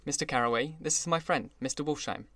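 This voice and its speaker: A man's voice: on the high side, fast, dry recording. A man voicing a polished, charming young man who speaks earnestly and eagerly. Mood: polite. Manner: bright, earnest, lifted.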